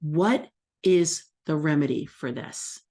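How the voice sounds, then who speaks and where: A woman's voice: low voice, slow, dark tone. A middle-aged woman astrology coach talking casually to her audience, acting out her own self-talk.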